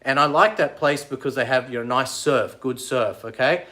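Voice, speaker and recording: A man chatting casually on a livestream, rambling and excitable, answering commenters as he goes. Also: medium pitch, normal speed. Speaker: vlogger.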